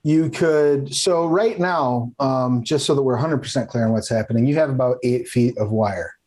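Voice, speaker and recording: A man's voice: medium pitch, a little mellow. A man running a tabletop game as game master, narrating casually with many fillers and restarts. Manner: casual, halting, lots of fillers.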